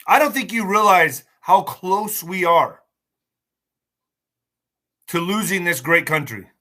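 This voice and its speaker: Male podcast host, highish voice, bright sharp tone, angry ranting, stumbles reading news. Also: expressive, takes it slowly. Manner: stumbling over words while reading news aloud. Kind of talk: casual news commentary podcast.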